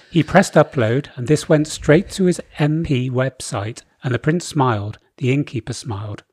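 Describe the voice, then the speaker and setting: A man reading a satirical comic story aloud in a dry, deadpan manner. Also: medium pitch, moderate pace, few pauses, husky, no room sound.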